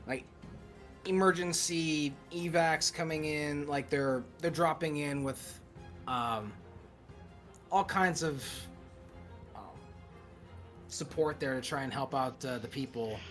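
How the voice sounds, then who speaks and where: Higher-voiced man running a tabletop game. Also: takes it slowly, long pauses, a bit bright, soft background music. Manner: loose, hesitant narration with fillers. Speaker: game master.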